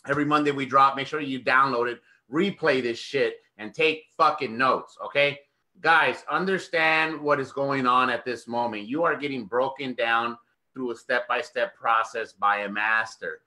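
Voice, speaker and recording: A man's voice: medium pitch, steady tone, moderate pace, sharp tone. A man hosting a podcast, hyped and swearing heavily while speaking straight to the listeners. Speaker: podcast host. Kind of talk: podcast conversation.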